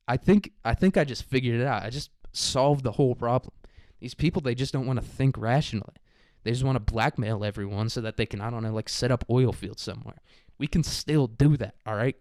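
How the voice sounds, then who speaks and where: A man's voice: mid-range voice, darkish tone, clear, resonant tone, dry recording, studio quality. A man hosting a podcast, rambling through a crude, irreverent comedy monologue full of "like" fillers. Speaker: podcast host.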